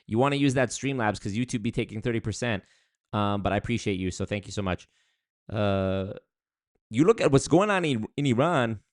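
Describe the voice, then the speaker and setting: Young male streamer, lowish voice, loose rambling delivery full of fillers, casual chat. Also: fairly quick, no echo, studio quality. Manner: rambling, animated, with many fillers and restarts.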